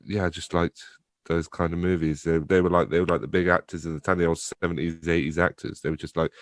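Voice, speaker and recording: A young adult man with a low-pitched, level voice talks fast in a clean, echo-free studio recording. He's a theatre company director appearing as a podcast guest, chatting casually, rambling, laughing often and swearing freely.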